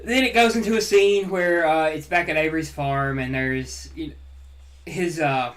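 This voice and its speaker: A man's voice: fairly high pitch, moderate pace, fairly bright tone, slight background noise. A man with a Southern American twang reviewing a comic in a loose, rambling podcast chat, often repeating words and swearing casually.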